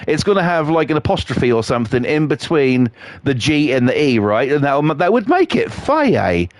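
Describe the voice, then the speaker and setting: A man's voice: a little high, sing-song, normal speed, few pauses, dry recording. A man, chatting on a live game stream in a sweary, rambling, jokey way. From England. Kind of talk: casual chat on a live stream.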